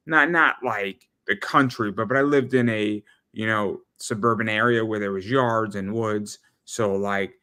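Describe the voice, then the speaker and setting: Low, bright-voiced easygoing man. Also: clean tone. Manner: halting, easygoing, restarts sentences. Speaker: podcast guest. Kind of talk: casual chat.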